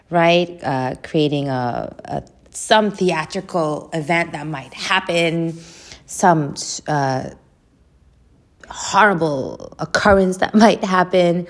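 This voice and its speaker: A woman with a low voice talks through self-help strategies in a relaxed teaching tone. She often restarts her phrases and checks in with listeners by asking "right?". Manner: frequent restarts and "right?" tags. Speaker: host. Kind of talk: casual teaching talk.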